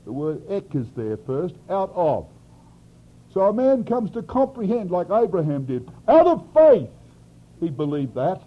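A man preaching an expository sermon, swinging from loud emphasis to quiet asides. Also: fairly high pitch, big pitch swings, moderate pace. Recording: dull lo-fi sermon recording.

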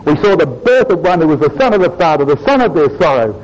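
A male preacher delivering a sermon to his congregation, fervent and rising high when quoting scripture. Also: big pitch swings, quick pace, darkish tone, poor audio.

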